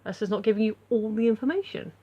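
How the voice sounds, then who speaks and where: A woman's voice: on the high side, lively intonation, fast talker, breathy edge, highs cut off. A woman talking casually to camera at home in a vlog, rambling through her thoughts with lots of fillers and restarts. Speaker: vlogger.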